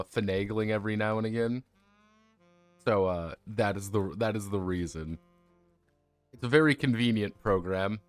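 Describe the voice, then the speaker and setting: This streamer talks about tabletop games in a lowish voice with no echo, casually rambling on his livestream. He pokes fun at himself and often starts over mid-thought.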